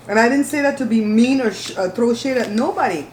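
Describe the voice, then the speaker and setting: A woman's voice: a little high, lively intonation, fairly quick, darkish tone, a little hiss or hum. Woman host, emphatic and outspoken, casual mealtime chat in a roomy room. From Belize. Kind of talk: casual chat while eating. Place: home, at the table. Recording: roomy echo.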